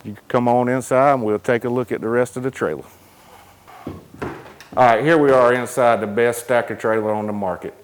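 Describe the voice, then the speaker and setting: In his clear, resonant mid-range voice, speaking a little fast with fairly even intonation, the trailer salesman tours a cargo trailer inside and out. He runs through its features casually and matter-of-factly for viewers.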